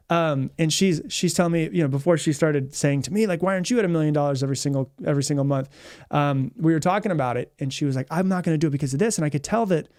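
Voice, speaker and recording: A mindset coach hosts a podcast, telling a story fast and energetically in a slightly high voice. He often repeats himself and acts out what people said, and the clean studio sound has no room sound.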